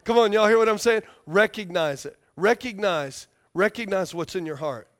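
High, lively-voiced male preacher. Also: normal speed. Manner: emphatic, repeats key phrases, checks in with the congregation. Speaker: pastor. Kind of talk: sermon.

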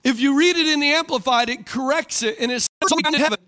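Male pastor, high voice, sermon style, big on call-and-response. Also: fairly quick, pushed and bright. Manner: rhetorical, calls for congregation responses; repeats questions for emphasis.

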